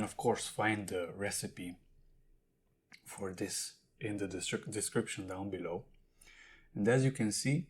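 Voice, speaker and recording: A man's voice: lowish voice, breathy edge. A man talking casually to camera in a food tasting vlog, explaining and eating as he goes. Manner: chatty, talks while eating and handling jars. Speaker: food vlogger.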